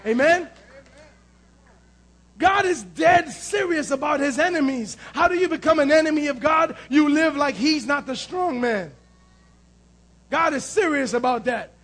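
A man preaching a sermon to a congregation as pastor, shouting his points with emphasis, asking "Amen?", and making wry sarcastic asides. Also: extremely high pitch, animated, unhurried, pauses often. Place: church before a congregation.

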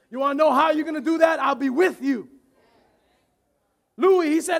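Man, pastor, sermon, very high voice, animated, shouting, laughing. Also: normal speed, creaky.

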